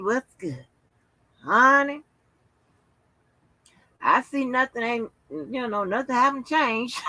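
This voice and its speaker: Here a weary livestream host talks casually with her audience, cursing openly and peppering her speech with fillers. Her voice is medium-pitched and sharp-toned, captured without echo in a rough recording.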